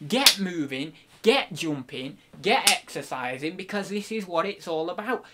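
A soft-spoken, earnest male motivator, as a man puts him on, urging everyone to get up and feel their energy flow. He speaks quietly and preachily, his voice set a bit high for a man. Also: animated, unhurried, a little hiss or hum, full character voice. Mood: earnest hushed.

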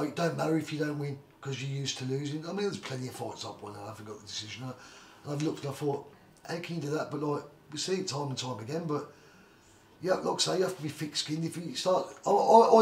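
A middle-aged man, a retired boxer, telling stories in a casual interview, rambling and repeating "like I say" and "do you know what I mean". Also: on the high side. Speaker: retired journeyman boxer, guest. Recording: roomy echo, faint background noise.

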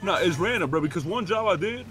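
A man's voice: sits high, animated, fairly bright tone, a little hiss or hum, low-quality recording. A man role-playing in character, teasing and full of street slang. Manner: fast, slangy, teasing banter. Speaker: game role-player. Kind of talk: in-character role-play chat.

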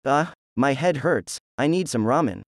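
A man's voice: medium pitch, lively intonation, moderate pace, dry recording, clean studio sound, lightly acted. A man voicing a cocky, reckless teenage ninja antihero with a smug, mocking way of talking.

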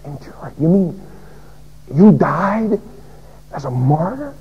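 A man preaching a dramatic first-person sermon as a pastor, swinging between loud declaration and hushed whisper. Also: fairly high pitch, big pitch swings, slow pace, pauses often, a little hiss or hum. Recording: dull lo-fi sermon recording.

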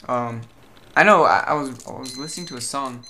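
A young man from Southern California chatting casually to camera in a rambling, animated vlog about his day. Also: medium pitch, fairly quick, a little hiss or hum. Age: young adult. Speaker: vlogger.

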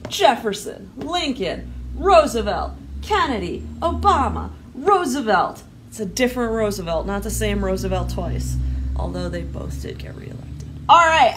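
A woman who is a children's librarian, reading and singing to kids in an animated, playful way. Her voice sits a touch high, and she speaks slowly and clearly. There is faint background noise. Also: recorded from a distance. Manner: animated, playful, sings a call-and-response song. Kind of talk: virtual storytime reading to children.

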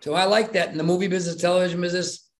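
High-voiced, emphatic older man. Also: steady tone, rapid-fire. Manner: emphatic, repeats words and restarts, acts out little dialogues. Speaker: podcast guest. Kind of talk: animated podcast conversation.

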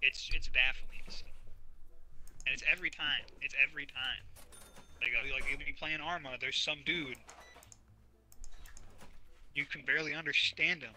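A man's voice: on the high side, fairly even intonation, normal speed, pauses often, bright, forceful tone, a little hiss or hum, low-quality recording. A young man in casual, profane banter with a friend while gaming, ranting and joking. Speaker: gamer.

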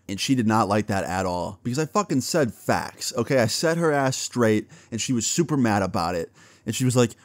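Young male vlogger, storytime, animated delivery with lively pitch, dry close sound. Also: fairly quick, dry recording. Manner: animated, acts out dialogue, swears casually. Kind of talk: casual storytelling.

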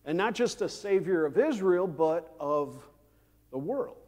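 A male pastor delivers a sermon at an unhurried, deliberate pace, his voice sitting a little high for a man. He pauses often with "uh" and slips in dry asides. The sound carries a long reverb from the church sanctuary. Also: lively intonation, a little mellow. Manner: measured delivery with frequent "uh" fillers and dry asides.

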